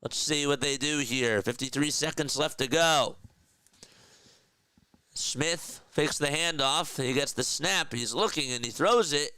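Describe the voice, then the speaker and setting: A man's voice: on the high side, sharp tone, clean tone, no echo. A man calling a game live as a play-by-play streamer, casually chatting with viewers between plays.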